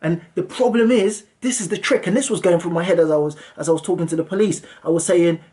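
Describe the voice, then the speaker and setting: A man with a slightly high-pitched voice recounts a story to camera in a lively, casual way. He talks loosely and uses plenty of "um"s between thoughts. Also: quick pace. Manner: animated, lively retelling with frequent "um"s. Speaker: property investor and landlord.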